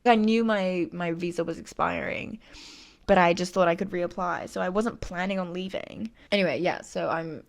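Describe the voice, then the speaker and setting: A woman in her early twenties chats through her story in a casual vlog, peppering it with fillers and wry asides. She talks with a lisp from a missing tooth, in a lowish voice with plenty of vocal fry. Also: moderate pace. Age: 20s. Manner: chatty, frequent "like" fillers, self-deprecating. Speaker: vlogger.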